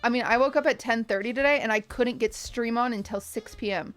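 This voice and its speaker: A woman's voice: a little high, a little fast, hardly any pauses, faint music behind. A young woman streamer giving casual, rambling commentary while reacting to a video with her chat. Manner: chatty, rambling with restarts and asides to chat.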